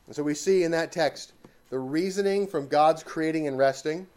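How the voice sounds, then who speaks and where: Man with a fairly high voice, Bible teacher, emphatic, drives points home with repetition. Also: moderate pace, darkish tone. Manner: emphatic, with rhetorical questions and repetition. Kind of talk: catechism teaching.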